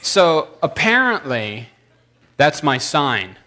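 Guy in his 30s preaching casual-style, bright punchy voice, lots of side comments. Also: on the high side, sing-song, slow pace. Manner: rambling, self-deprecating, full of asides. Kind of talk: conversational storytelling to a congregation.

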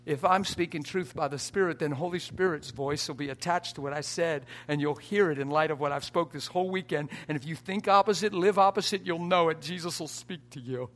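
A man preaching a sermon to a live audience in a church, emphatic, swinging from soft asides to loud exhortation and often laughing and urging the crowd on. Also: a little high, fairly quick, few pauses. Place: church or conference hall before a live audience.

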